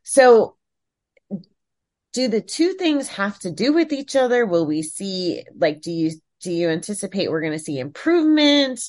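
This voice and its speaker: A woman's voice: medium pitch, sing-song, unhurried, a little mellow. A woman hosting a casual chat, thoughtfully working her way through a question.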